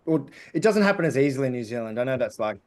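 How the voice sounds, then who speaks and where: A man with an Australian accent, a comedian guest chatting casually on a podcast as an animated storyteller full of fillers. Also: medium pitch, very fast.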